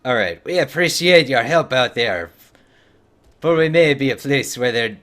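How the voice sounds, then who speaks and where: A man putting on a gruff hearty dwarf. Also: mid-range voice, moderate pace, fairly bright tone, voice pushed up, natural voice. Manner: clumsy put-on dwarf accent, reading quest text aloud. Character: gruff male dwarf quest-giver, blunt and hearty. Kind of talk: reading game dialogue aloud.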